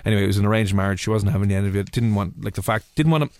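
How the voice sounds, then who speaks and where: A man's voice: on the low side, rapid-fire, darkish tone, dry recording. A young man hosting a radio show, chatting casually and teasing his co-host with jokes. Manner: teasing, jokey, puts on silly voices.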